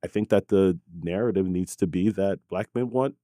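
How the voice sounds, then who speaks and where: A man's voice: low-pitched, normal speed, dark tone, no room sound, studio quality. A man in his thirties from Brooklyn, talking earnestly as a podcast guest and often checking in with "right?" and "you know". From Brooklyn, New York. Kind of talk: conversational interview. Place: recording studio.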